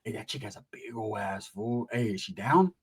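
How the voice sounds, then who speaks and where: A man voicing a laid-back homeboy who mumbles slang in a low drawl. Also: lively intonation, moderate pace, husky.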